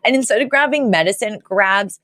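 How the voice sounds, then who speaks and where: A woman's voice: medium pitch, brisk, dry recording, clean studio sound. A woman co-hosting a podcast, retelling a TV episode in casual chat and acting out the lines. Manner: animated, acts out characters' lines while retelling. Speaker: podcast co-host.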